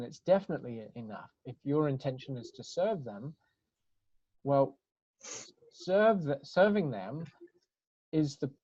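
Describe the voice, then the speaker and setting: A man's voice: fairly high pitch, warm tone, husky, dry recording. Thoughtful man on a dull webinar line. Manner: thoughtful, searching phrasing with restarts. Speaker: webinar speaker on communication. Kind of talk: reflective webinar talk. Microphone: video call.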